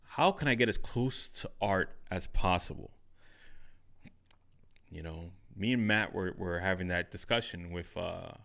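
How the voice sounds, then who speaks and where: Talking things through alone on his podcast, a host speaks in a low-pitched, creaky, unhurried voice. He's casual and reflective, repeating himself and frequently tagging on "right?", recorded in a home studio with curtains behind and a studio mic on an overhead stand.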